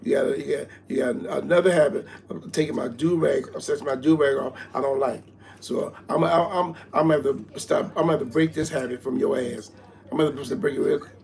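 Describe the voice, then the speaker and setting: A man's voice: medium pitch, fairly even intonation, a little fast, gravelly, darkish tone, a little hiss or hum. A man in a comedy skit, stammering and repeating words as he launches into profane rants.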